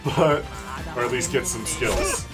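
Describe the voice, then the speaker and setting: Here the same kind of casual, joking gameplay commentary comes in a mid-range, unhurried male voice, and he curses freely. Game music runs in the background.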